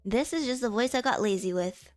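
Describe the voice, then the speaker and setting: Young woman vtuber rambling to chat, kinda tired, laughy, highish voice w faint music under it. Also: lively intonation, fairly quick, darkish tone. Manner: chatty, laughs often, many fillers; switches between a higher voice and her lower natural voice. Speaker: VTuber streamer. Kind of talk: casual stream chat.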